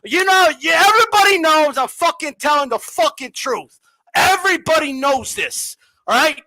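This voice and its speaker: Loud, cursing man ranting on a podcast. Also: extremely high pitch, expressive, moderate pace, no room sound, poor audio. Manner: profane, loud, mocking, often shouting. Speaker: boxing podcast host. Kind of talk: heated uncensored podcast rant.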